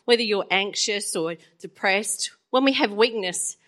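A woman, preaching a chatty sermon full of stories and quick laughs. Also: medium pitch, fairly bright tone. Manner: chatty, storytelling, laughs often.

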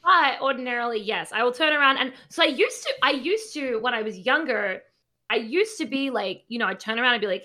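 Bright-voiced blunt woman in her thirties. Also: fairly high pitch, expressive, a little fast. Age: 30s. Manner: blunt, swearing, many fillers. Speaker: podcast co-host. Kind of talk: casual podcast chat.

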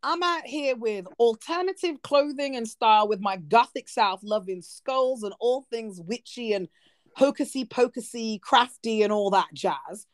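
A woman in her thirties chatting casually on a talk show, animated and expressive, with quick asides. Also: on the high side, no room sound, clean studio sound. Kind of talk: casual chat.

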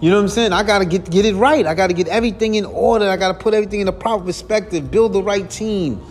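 A man's voice: high-pitched, rapid-fire, darkish tone, faint music behind. A man hosting a podcast, talking in a casual, rambling monologue. He sounds earnest and weary, repeats himself, and keeps calling the listener "man". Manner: earnest, repetitive, peppers lines with "man". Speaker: podcast host.

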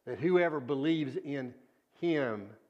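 Man, preacher, sermon, slow and deliberate, earnest, hushed on key words. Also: mid-range voice, animated, muffled recording.

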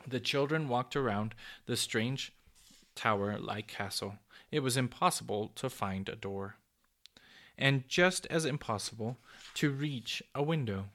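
A man narrating a children's storybook aloud in an expressive, varied storytelling manner. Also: mid-range voice, measured pace.

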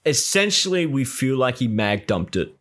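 A man tells a gaming story in a loose, casual chat. He is exasperated and swears freely, and he rambles with many restarts. His voice sits in a middle, ordinary pitch. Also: sing-song, normal speed, fairly bright tone.

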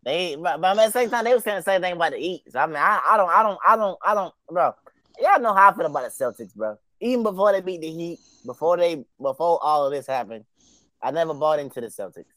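Young male co-host, lively swooping pitch, dry close sound, teasing slang. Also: quick pace, dry recording. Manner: teasing, repetitive, laid-back slang. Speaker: podcast co-host. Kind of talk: casual sports podcast chat.

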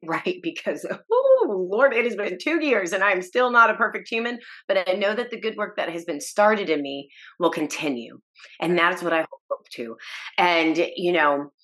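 A woman with a slightly low voice shares her personal faith story as a podcast guest. She speaks earnestly and emotionally, often restarting her sentences and breaking into small laughs. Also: a bit bright. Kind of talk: personal testimony in a podcast interview.

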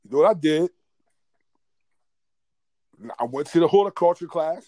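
Guy with a high voice telling a funny school story, repeats himself a lot, laughing. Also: fast, mellow, no echo. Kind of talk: casual storytelling.

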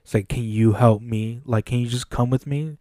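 Recorded in studio quality with no room sound, a male podcast co-host briskly recounts something from work during relaxed chat. His medium-pitched delivery is animated, with the quoted dialogue performed aloud and profanity sprinkled throughout.

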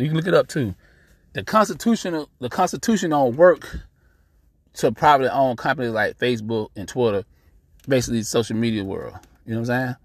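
A man's voice: mid-range voice, no echo. Blunt, profane man ranting, dry sound. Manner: blunt, profane, animated, repeats himself. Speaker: podcast host. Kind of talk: casual ranting monologue.

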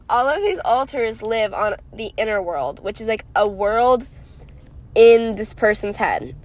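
A woman's voice: on the high side, very animated, slow pace. A young American woman co-hosting a casual podcast chat, rambling and giggly with lots of fillers. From United States. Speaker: podcast co-host.

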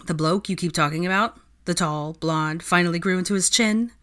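A woman's voice: lowish voice, normal speed, a bit bright, natural voice. Woman doing a teasing, gossipy young student. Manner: pushy, playful teasing.

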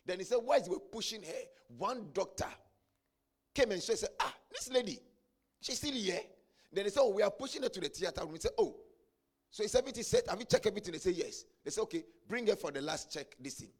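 A man preaching a sermon, telling a story and building to shouted climaxes. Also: high-pitched, expressive, fast talker, breathy edge. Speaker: pastor.

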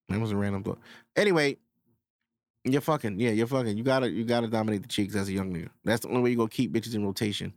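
A man's voice: medium pitch, dry recording. A young man hosting a podcast, telling crude stories in casual chat and acting out quotes in a raised voice. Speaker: podcast host.

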